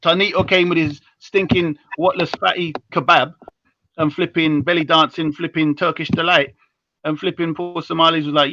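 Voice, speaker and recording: Bright, animated man on a live stream. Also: no echo. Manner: animated, teasing, slangy, rapid switches between loud and low. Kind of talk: heated casual live-stream banter. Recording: dull lo-fi stream audio.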